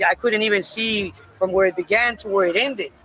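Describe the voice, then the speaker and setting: A man casually telling a personal story in a candid, profane, animated way. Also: high voice, brisk, rough recording.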